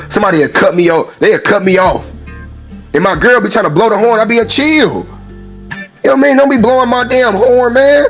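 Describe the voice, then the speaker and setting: A man talking casually and at length, telling everyday stories in an animated way, acting out other people's voices and laughing often. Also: sits high. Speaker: speaker in a played clip. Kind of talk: casual storytelling monologue.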